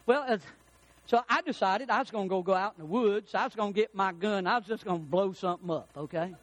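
High-voiced folksy preacher. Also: male voice, fast, dry recording. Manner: folksy storytelling preacher, swings between loud emphasis and hushed prayer. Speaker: pastor. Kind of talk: sermon.

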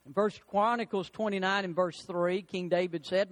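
A male pastor preaching a sermon in an emphatic, measured way, using rhetorical questions. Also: sits high, steady tone.

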